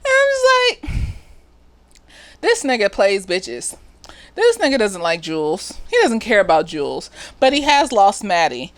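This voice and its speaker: A woman talking casually and profanely as she recaps a TV episode, slightly tipsy, often laughing and jumping into high squeaky voices for the characters. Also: big pitch swings, normal speed, dry recording. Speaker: therapist reviewing a TV episode.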